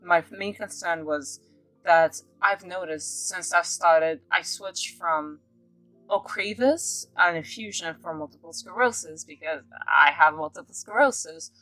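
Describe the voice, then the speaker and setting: A woman's voice: lowish voice, unhurried, no echo, faint music behind, rough recording. Chatty woman vlogger from Africa. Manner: chatty, rambling, with sudden excited outbursts. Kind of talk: casual monologue vlog.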